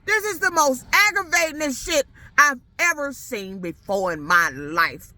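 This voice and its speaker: A woman's voice: high voice, sharp tone, no room sound. A woman ranting to her camera in a vlog, irate and profane, hammering the same questions over and over. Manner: irate, profane, repeats herself. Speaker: vlogger. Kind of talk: angry rant to camera.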